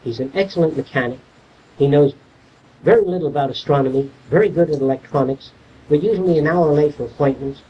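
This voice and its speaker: A man's voice: a little high, fast, a little hiss or hum. An older man giving an informal lecture, blunt and salty, acting out little dialogues as he tells stories. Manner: blunt, salty, animated storytelling. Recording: distant, muffled 1970s archive tape.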